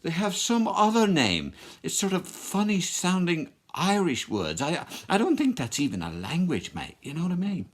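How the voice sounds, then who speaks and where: A man's voice: high-pitched, sing-song, moderate pace, pitched above the performer's own voice. A man doing a cocky London copper. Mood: mocking. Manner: chatty, mocking, stumbling over words. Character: chirpy male London policeman, cocky. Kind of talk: costumed comic history impersonation.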